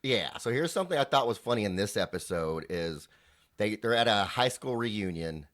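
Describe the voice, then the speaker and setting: A man with a fairly low voice chats about a TV show on a podcast. He retells scenes in quoted lines and laughs easily along the way. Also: expressive, moderate pace, fairly bright tone. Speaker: podcast co-host. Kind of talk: casual chat about a TV show.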